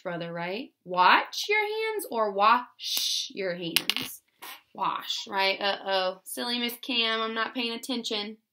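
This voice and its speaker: A woman teaching a phonics lesson to first graders, sounding words out slowly. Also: a little high, bright, forceful tone. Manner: slow, exaggerated sounding-out of words. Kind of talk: phonics lesson for young children.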